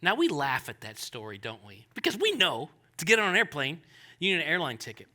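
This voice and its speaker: Male pastor, high voice, animated sermon delivery. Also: brisk. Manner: animated, conversational with jokey asides.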